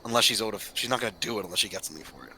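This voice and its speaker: A man playing a tabletop role-playing game, talking in an animated way about how the game should go. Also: on the low side, very fast, slight background noise. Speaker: player.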